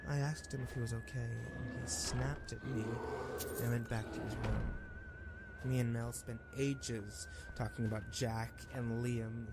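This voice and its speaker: A man voicing a disturbed teenager reading out a diary in a horror story, his voice trembling and breaking into shouts and whispers. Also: medium pitch, very noisy, heavily acted. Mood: uneasy. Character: disturbed teenage diarist haunted by a book.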